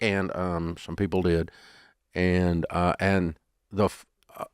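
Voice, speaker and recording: An older man as an interview guest, telling stories in a folksy, animated way. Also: deep voice, moderate pace, clean tone, no echo, clean studio sound. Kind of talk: storytelling interview.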